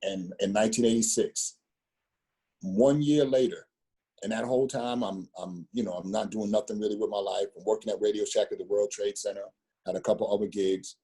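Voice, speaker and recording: Middle-aged storyteller, fifties, husky and dark-toned, loose rambling delivery full of slang and restarts. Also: male voice, lowish voice, steady tone, fairly quick. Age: 50s. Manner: rambling, repeats words, street slang. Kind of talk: casual storytelling conversation.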